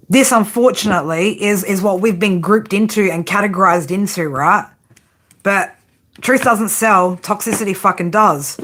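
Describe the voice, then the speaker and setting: A woman giving a tarot reading, blunt and profane, often tagging her points with a quick "right?". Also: mid-range voice, a bit bright. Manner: frank tough-love delivery. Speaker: tarot reader.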